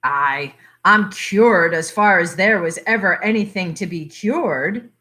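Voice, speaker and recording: A woman's voice: lowish voice, slow pace, sharp tone. A woman reading aloud, voicing a sly old aunt who has only pretended to be deaf, with broad dialect and knowing chuckles.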